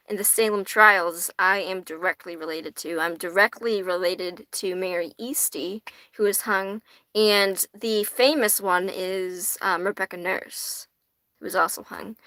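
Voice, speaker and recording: Young female streamer, casual and profane, giggly, bright tone, dry close sound. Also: medium pitch, no room sound. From United States. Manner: chatty, swears a lot, laughs often. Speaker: tarot livestream host. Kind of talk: casual livestream chat reading viewer comments.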